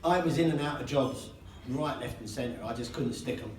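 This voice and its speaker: A mid-range, slightly mellow voice at normal speed belongs to an older man toasting his daughter at her wedding. Inside the reception hall he tells self-deprecating jokes and laughs between them, and the recording is distant, noisy and full of echo.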